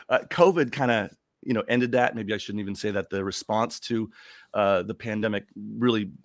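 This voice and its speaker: A man guest who does stand-up comedy, chatting casually in a rambling, animated way. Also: lowish voice, moderate pace, no room sound, studio quality. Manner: rambling, animated storyteller, laughs often. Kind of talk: casual chat.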